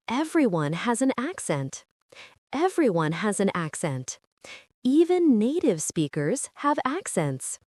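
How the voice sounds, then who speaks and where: Slow, lively-voiced woman teaching English. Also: fairly high pitch, dry recording, clean studio sound. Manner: slow, clear, encouraging teacher delivery. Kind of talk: scripted lesson narration.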